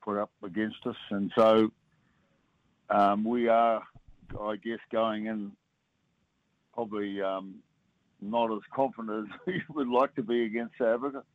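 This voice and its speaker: An older New Zealand man speaks down a thin, tinny phone line with no room echo at all. His voice sits low, and he talks in halting bursts, trailing off and restarting with plenty of fillers. He is a former rugby player being interviewed by radio hosts. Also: fairly even intonation.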